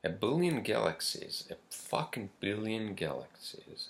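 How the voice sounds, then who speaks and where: A man with a very low, gravelly voice rants his way through a casual monologue. He talks slowly and drags his words out, and he swears at nearly every turn as he hammers his points home. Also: animated. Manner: profane, rambling, emphatic. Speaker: podcast host.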